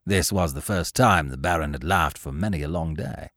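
A man narrating a classic tale as an audiobook, expressive and measured. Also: low-pitched, no echo, clean studio sound.

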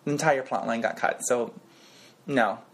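A middle-aged man, an actor, telling animated stories as a guest in a casual podcast interview on a studio mic. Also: moderate pace, slightly rough. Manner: animated, expressive storyteller who swings his pitch.

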